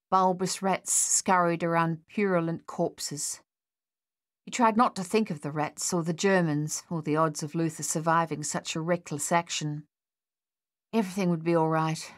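Woman narrator with a lowish voice for an audiobook, measured and even, dry booth sound. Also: no echo.

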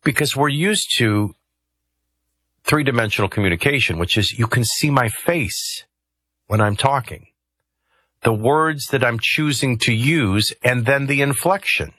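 A man's voice: medium pitch, unhurried, sharp tone, no room sound. A man hosting a talk radio show, commenting conversationally with rambling asides and hesitations into a studio microphone.

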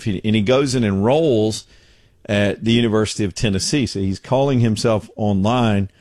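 Folksy middle-aged guy doing his talk show from a home studio, kinda low voice, dry sound. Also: a little mellow, dry recording. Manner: folksy, joking storyteller. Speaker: radio show host. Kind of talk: casual talk show chat.

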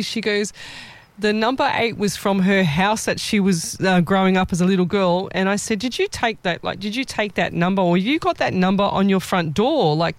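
A man working as a psychic medium who chats casually and tells animated stories, acting out the voices of the people he quotes. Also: high-pitched, no room sound. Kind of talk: casual live-stream chat and storytelling.

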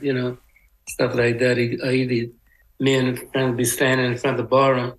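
A man's voice: medium pitch, monotone, a little fast, rough recording. Man telling stories loosely. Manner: loose, rambling, full of "you know". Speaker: interviewee recalling his past. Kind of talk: casual storytelling.

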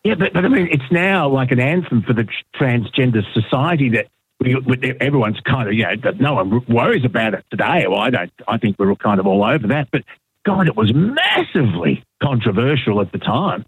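Very animated and fairly quick, this middle-aged Australian man has a breathy mid-range voice with no echo around it. He's a radio broadcaster and podcaster guesting on air, telling stories in casual chat full of fillers and restarts, all heard through a dry, tinny phone line.

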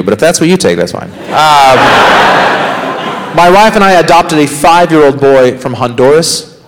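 A man doing a stand-up set in a sarcastic, mock-defensive way with deadpan asides. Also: fairly high pitch, long reverb tail. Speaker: stand-up comedian. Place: comedy club stage. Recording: live club recording with crowd noise. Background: laughing crowd.

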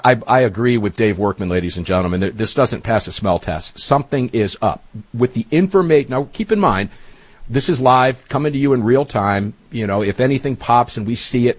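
A man's voice: fairly low pitch, no room sound. A man hosting a talk radio show, emphatic and folksy, speaking straight to his listeners.

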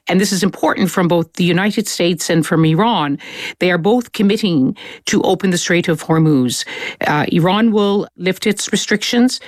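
A woman explaining world news in a measured, conversational way on a studio podcast, with occasional restarts. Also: fairly low pitch, no echo. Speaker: foreign affairs analyst. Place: London studio.

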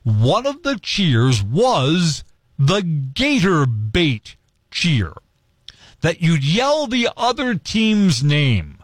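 A man hosting a morning radio talk show, giving his opinion in an earnest, animated way and jumping high when he acts out crowd chants. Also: takes it slowly, husky, no room sound. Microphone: studio microphone.

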